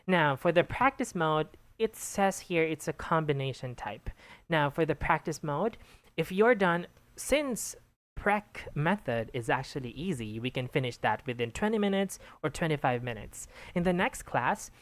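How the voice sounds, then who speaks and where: A woman with a low voice gives patient, encouraging feedback in a one-on-one English lesson, checking in often with "okay". The sound is dry and close, with no room around it. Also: expressive, moderate pace, dry recording. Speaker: English tutor giving exam feedback.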